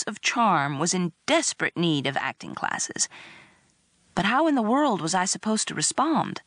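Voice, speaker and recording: A woman reading a first-person story aloud in a wry, expressive narration. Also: lowish voice, moderate pace, no echo, studio quality. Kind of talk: audiobook narration.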